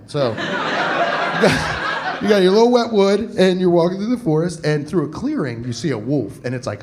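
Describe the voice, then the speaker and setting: A man's voice: fairly high pitch, expressive, fairly quick, very noisy. A young man in his twenties doing rambling, absurd, self-deprecating stand-up on a comedy club stage. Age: 20s. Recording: live club with audience laughter. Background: audience laughter.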